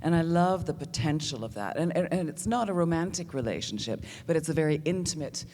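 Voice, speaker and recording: Low, dark-toned woman in a reverberant hall. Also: lively intonation, a little hiss or hum. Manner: thoughtful, measured, with restarts. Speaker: panel guest. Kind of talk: reflective panel answer.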